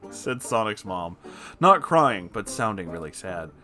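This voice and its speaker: A man's voice: fairly low pitch, expressive, measured pace, sharp tone, soft background music. A man giving a comedic reading of a fan fiction story, breaking off for mocking asides. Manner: mocking asides, frequent laughter.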